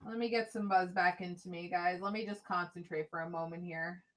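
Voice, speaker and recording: A woman's voice: lowish voice, flat delivery, fairly quick, fairly bright tone. A woman vlogger giving tarot card readings in a chatty, casual way, talking straight to her viewers.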